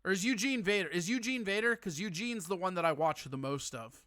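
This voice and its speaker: Bright-voiced man teasing on a live stream. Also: high-pitched, fairly quick, no echo, studio quality. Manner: joking, teasing, profane. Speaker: host of a live call-in stream. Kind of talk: casual crude banter.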